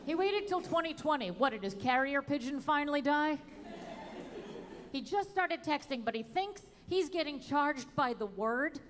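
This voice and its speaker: A woman performing a wry, animated stand-up comedy set at an outdoor show. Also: high voice, normal speed, long reverb tail, some chatter behind. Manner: wry, animated delivery with sung bits.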